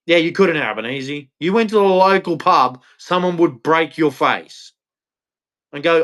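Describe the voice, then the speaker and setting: A man's voice: a little high, animated, measured pace, fairly bright tone. An Australian man delivering an angry, blunt, crude rant on a livestream, repeating himself as he goes. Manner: blunt, crude, heated, repetitive. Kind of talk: angry ranting monologue.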